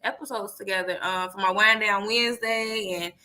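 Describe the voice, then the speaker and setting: A woman's voice: mid-range voice, fairly even intonation, moderate pace, pushed and bright, rough recording. A woman hosting a podcast, chatty and hyped, swearing casually. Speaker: podcast host.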